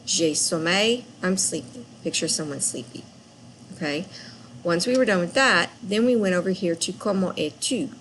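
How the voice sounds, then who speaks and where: A woman French teacher recapping a lesson for students, speaking patiently and repeating phrases clearly. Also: on the low side, lively intonation, moderate pace, fairly bright tone, slight background noise, low-quality recording.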